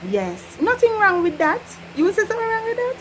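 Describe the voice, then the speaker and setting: A woman's voice: very high voice, wildly swooping pitch, fairly quick, a little hiss or hum, low-quality recording. A Jamaican woman with a casual, playful way of talking, teaching patois in a vlog and often laughing. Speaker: vlogger.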